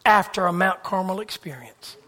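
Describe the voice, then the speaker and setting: Male preacher, high voice, rhythmic and emphatic, drops to whispers. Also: moderate pace. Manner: swings from loud fervor to hushed whispers; repetitive, emphatic preaching cadence. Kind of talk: sermon.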